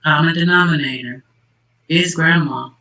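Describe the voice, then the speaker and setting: A man's voice: a little high, normal speed, vocal fry, pushed and bright, rough recording. A man hosting casual true-crime commentary, worked up and emphatic, calling out the people in the case directly. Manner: worked-up, emphatic, talks straight to the people involved. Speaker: channel host.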